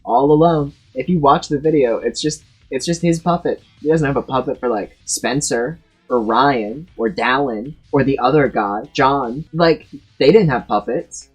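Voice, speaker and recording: A man in his twenties talks through a casual ranking monologue, blunt and profane, stumbling into restarts as he pushes his opinions. His voice sits at a middling pitch with a slightly husky edge. Faint music plays softly in the background. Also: normal speed. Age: 20s. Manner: blunt, profane, emphatic rants with frequent restarts. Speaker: tier list video creator.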